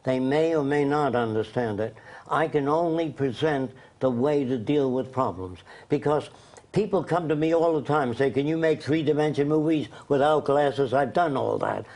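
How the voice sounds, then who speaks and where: A man's voice: medium pitch, moderate pace, a little mellow. An older man being interviewed, telling long rambling stories and acting out the voices of people in them. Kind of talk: conversational storytelling.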